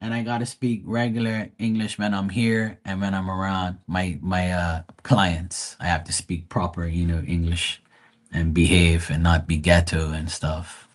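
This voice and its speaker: A man from Bermuda with a Bermudian accent, chatting casually on a live stream, animated and full of slang. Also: low voice, measured pace. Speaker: live tarot reader.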